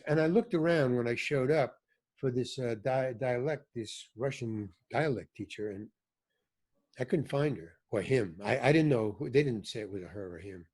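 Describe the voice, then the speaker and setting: A man's voice: mid-range voice, darkish tone, husky. An older man, an actor and director, telling loose, rambling stories as a podcast guest and often losing his thread. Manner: rambling, self-interrupting, loses his thread. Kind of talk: casual storytelling interview.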